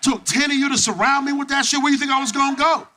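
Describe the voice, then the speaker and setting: A young man performing a stand-up comedy set, loud and profane, working the crowd with lively back-and-forth. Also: very high voice, quick pace. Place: comedy club stage with live audience. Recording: noisy live club recording.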